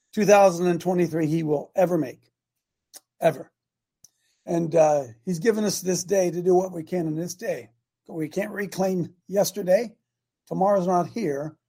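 An older man with a gravelly, husky voice hosts a morning talk show. He preaches in a folksy, emphatic way, pushing some lines out loud and dropping others low. His tone stays plainspoken and conversational. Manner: folksy, emphatic, rises and drops loudness for effect. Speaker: host.

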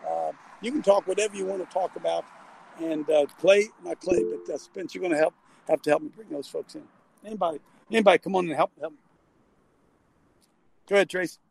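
A man's voice: high-pitched, fairly quick, gravelly, pauses often, a little mellow, breathy edge, no echo, low-quality recording. An older man hosting a casual call-in talk show, rambling and folksy with frequent restarts, talking from a vehicle.

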